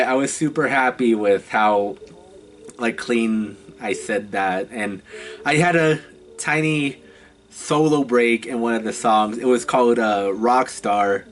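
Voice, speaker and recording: A man in his twenties recounts his stage days in a relaxed storytime vlog. His voice sits at a middling pitch. He talks in loose, halting phrases and laughs often between them. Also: a little hiss or hum. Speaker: vlogger.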